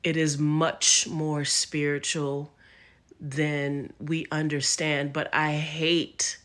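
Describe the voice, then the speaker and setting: A woman commenting on a clip in a slow, hesitant, reflective way, with many pauses and fillers. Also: low-pitched, level tone, fairly bright tone. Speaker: vlog host reacting to a clip.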